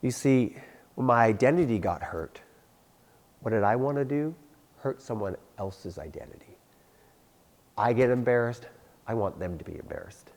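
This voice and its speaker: A man's voice: mid-range voice, moderate pace, pauses often. A young adult man preaching a youth sermon, telling stories and acting out voices as he goes. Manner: animated, acts out voices, laughs at own stories. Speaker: youth pastor.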